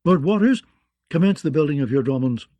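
A man's voice: on the high side, expressive, a little fast, no echo, dull audio, close to an everyday voice. A man reading the lines of a cold, commanding queen in an audiobook. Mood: imperious. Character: proud imperious queen, woman.

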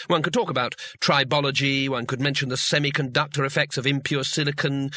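A male narrator reading a fantasy novel with dry, wry timing. His voice is gravelly and husky with a bright, forward tone. The recording is close and dry, with no room sound. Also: on the high side, dry recording. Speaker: audiobook narrator. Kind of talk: scripted narration.

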